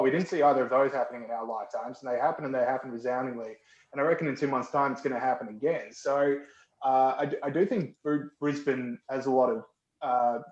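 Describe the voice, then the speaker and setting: A man speaking as a guest in a casual podcast chat, joking and stumbling over restarts. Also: medium pitch. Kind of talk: casual conversational interview. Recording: dull echoey audio.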